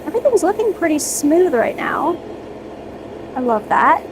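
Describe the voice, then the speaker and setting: A high-pitched young woman chatting on a livestream from her hobby room, unhurried and relaxed as she works, full of upbeat little cheers. A steady hum of air conditioning and an airbrush runs under her voice. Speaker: streamer. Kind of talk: casual livestream chat while airbrushing miniatures.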